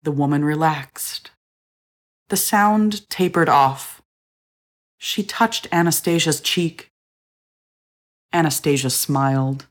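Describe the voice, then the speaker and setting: Low-voiced woman narrating a story. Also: slow, long pauses.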